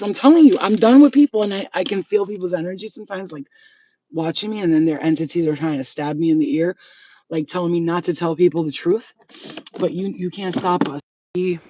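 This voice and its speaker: A woman's voice: fairly low pitch, mellow, muffled recording, slight background noise. A woman hosting a spiritual channel, ranting in an unscripted vlog, profane, heated and confrontational.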